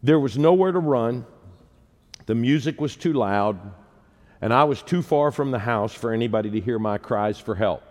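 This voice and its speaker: A man in his sixties preaches from the pulpit and tells his stories with self-deprecating humor. His voice sits at an ordinary middle pitch. It rings out with the long reverb of a large church sanctuary. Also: expressive, normal speed, a little mellow. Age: 60s. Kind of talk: sermon with personal storytelling.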